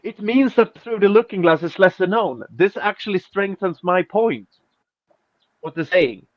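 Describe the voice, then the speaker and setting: Brash host, sweary and mocking, slightly high voice, dull lo-fi recording. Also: male voice, animated, measured pace, no echo. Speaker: podcast host. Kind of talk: casual chat, reading out tweets. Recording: dull lo-fi, dry.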